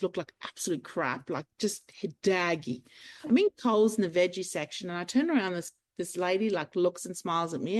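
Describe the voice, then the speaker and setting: A woman, a clinic owner talking as a podcast guest, animated, acting out the voices in her stories. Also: fairly low pitch. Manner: animated storyteller, acts out quotes. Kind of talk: casual interview chat.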